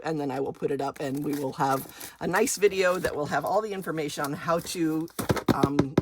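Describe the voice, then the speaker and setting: A woman hosting a craft channel, chatting excitedly as she unboxes supplies and gushes over each item. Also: sits low, noisy background. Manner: gushing, excited, squeals with delight over items.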